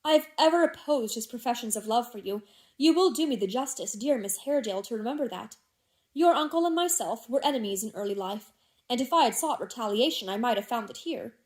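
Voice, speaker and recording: Scheming older gentleman, silky and falsely tender, read by a woman, audiobook. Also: on the high side, expressive, brisk, natural voice. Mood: persuasive.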